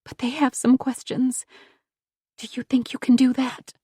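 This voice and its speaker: A woman voicing a gentle, worried grandmother who soothes and reassures her injured granddaughter. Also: high voice, flat delivery, unhurried, breathy edge, no room sound, clean studio sound, voice pushed up, full character voice. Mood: soothing.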